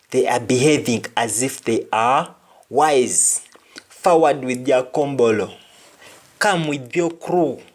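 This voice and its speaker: A man's voice: on the high side, slow pace. A man with a Jamaican accent hosting a language lesson. He says each patois phrase and then gives its plain English meaning. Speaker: host.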